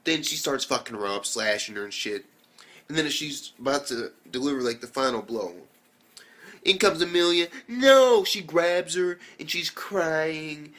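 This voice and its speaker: A man's voice: fairly high pitch, moderate pace, sharp tone. A man giving a rambling, profane spoken anime review, acting out characters' lines as he retells the episode.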